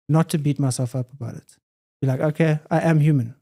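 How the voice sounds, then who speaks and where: A man's voice: a little high, moderate pace, dark tone. A young adult man, a podcast guest, talking in an earnest, reflective way and often repeating phrases. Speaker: podcast guest, hybrid athlete. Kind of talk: casual conversation.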